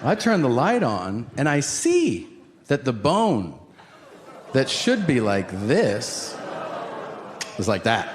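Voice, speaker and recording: A middle-aged man doing stand-up storytelling on stage, animated and jumping into loud acted quotes. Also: medium pitch, slow, pauses often, in a large hall. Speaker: stand-up comedian. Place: comedy stage. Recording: live stage recording with audience noise.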